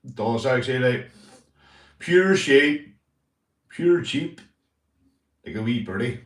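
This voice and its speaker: A man's voice: medium pitch, expressive, takes it slowly. Sweary Northern Irish man, echoey room. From Northern Ireland. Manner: sweary, rambling, says mate constantly. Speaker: livestream host. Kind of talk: casual livestream chat. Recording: echoey room, mic at a distance.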